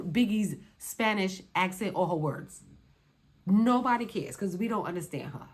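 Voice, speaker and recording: A woman's voice: fairly low pitch, expressive, fairly quick, a little mellow. A woman reviewing a reality show in a sassy, dismissive, repetitive way, speaking. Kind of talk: casual commentary.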